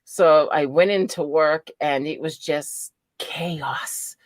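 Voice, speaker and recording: A woman's voice: sits low, slow pace, no echo. A woman with a New England accent hosting a livestream, chatting casually, greeting viewers by name and laughing often. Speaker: livestream host.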